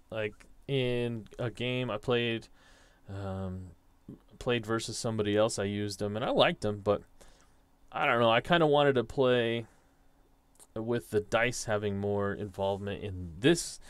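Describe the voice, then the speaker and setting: A young man with a medium-pitched, clean voice and no room sound hosts his tabletop soccer simulation alone. He talks casually and thinks aloud, reading off the dice results as he goes.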